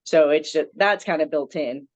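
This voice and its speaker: A woman's voice: low-pitched, moderate pace, dry recording, highs cut off. A woman in her thirties with a Southern American accent, chatting as a veterinarian guest with many ums. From Southern United States. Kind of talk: casual interview.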